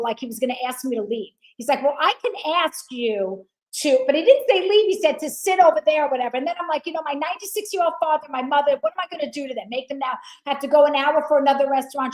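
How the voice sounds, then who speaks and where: A woman guest in casual chat, loud and swearing, telling a story with acted quotes. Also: high voice, fast talker, hardly any pauses, low-quality recording.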